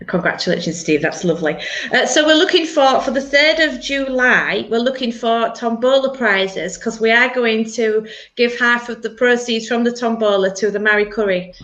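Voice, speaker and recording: A middle-aged woman from England hosting a live church stream, chatty and quick to laugh. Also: a little high, fairly bright tone, highs cut off. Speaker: church service host. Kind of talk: casual live-stream chat.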